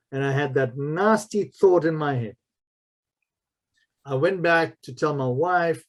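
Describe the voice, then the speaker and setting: A martial arts master and spiritual mentor tells stories in a podcast interview, emphatically repeating key phrases. His voice runs on the high side, and he takes it slowly with long pauses.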